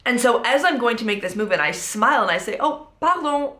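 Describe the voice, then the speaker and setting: A woman's voice: on the high side, lively intonation, fast talker, sharp tone. A woman hosting a casual storytime podcast, talking in a chatty way with lots of "like". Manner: chatty, fills speech with "like". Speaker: podcast host. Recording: roomy echo.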